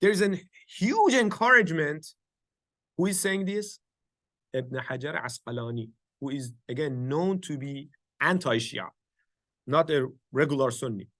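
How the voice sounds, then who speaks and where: A man's voice: fairly high pitch, a little slow, a bit bright, no room sound, studio quality. A man leading an informal religious study circle from his home office, explaining step by step with fillers and restarts and often checking in with his listeners.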